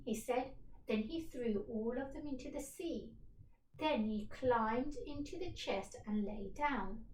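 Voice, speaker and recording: A woman teacher reading a storybook aloud for young children, slowly, clearly and expressively. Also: fairly high pitch, a little mellow. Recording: echoey room, distant from the mic.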